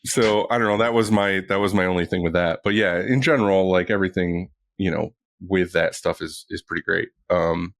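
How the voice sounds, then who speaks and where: A man in casual podcast chat, telling a story with a lot of swearing and animated outbursts. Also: low-pitched, a little fast, creaky, hardly any pauses, no room sound. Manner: animated, profane, ranting storyteller. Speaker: podcast guest.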